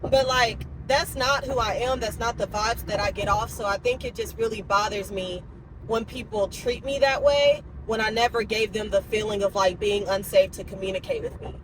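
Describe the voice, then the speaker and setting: Young woman, casual vlog chat, expressive, slightly high voice, phone recording, faint traffic noise. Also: normal speed. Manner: chatty, expressive, talks straight to viewers. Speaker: vlogger.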